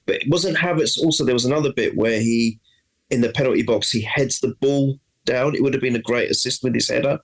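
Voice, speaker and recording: A man's voice: mid-range voice, fairly quick, rough recording. A man talking football as a regular on a casual podcast, hesitant with many ums and restarts.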